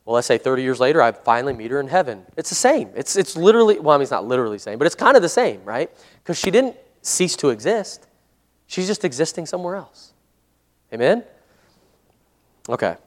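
A man leading a casual Bible study as a pastor, conversational and given to chuckles and "Amen?" checks, slowing into a measured tone when reading scripture aloud. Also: on the high side, very animated, long reverb tail. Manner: conversational, chuckles often, asks "Amen?" and "right?".

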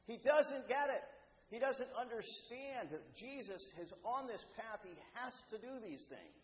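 A man preaching a sermon, animated, acting out the voices he quotes, with repeats and restarts. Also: very high voice, a little slow. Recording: roomy, dull, faintly noisy hall.

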